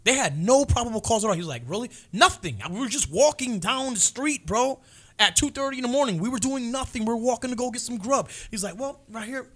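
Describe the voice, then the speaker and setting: High bright-voiced guy telling a story, all over the place pitch-wise, does loud voices for people. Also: quick pace. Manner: animated storyteller, acts out voices of people in his story, loud mocking impressions. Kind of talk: casual storytelling chat.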